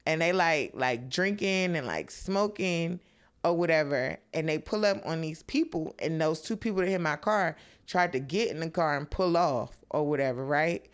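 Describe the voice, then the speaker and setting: A woman's voice: sits low, moderate pace, clean tone. Laid-back woman telling a story. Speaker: comedian guest. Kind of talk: casual podcast storytelling.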